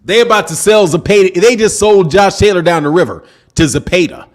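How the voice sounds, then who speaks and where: A man's voice: sits high, fairly quick, faint music behind. A man hosting a live boxing stream, talking emphatically in casual slang, repeating himself and answering viewers' chat. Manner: emphatic, repetitive, slangy, talks back to chat. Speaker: boxing channel host.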